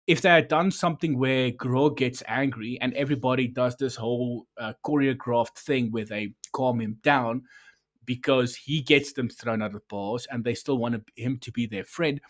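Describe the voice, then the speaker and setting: Brief: a sarcastic podcast host, rambling and profane, in a mid-range voice. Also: male voice, mid-range voice, normal speed. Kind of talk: casual review chat.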